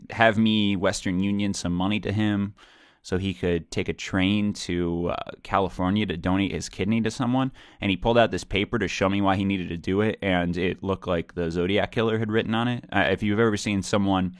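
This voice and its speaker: A man's voice: deep voice, dry recording, studio quality. A man telling a story in a casual monologue, rambling, correcting himself and using many fillers.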